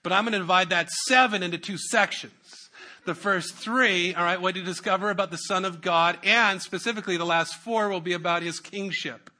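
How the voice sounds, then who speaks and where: A man's voice: high voice, brisk, sharp tone. A male pastor preaching a sermon, joking with asides and repeating his key phrases.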